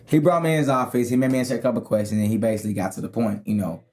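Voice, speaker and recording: A comedian, telling stories from his life in a casual, animated way and swearing freely. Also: lowish voice, racing. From Tennessee. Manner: animated, acts out other people's voices, swears freely. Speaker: guest comedian. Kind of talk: casual storytelling.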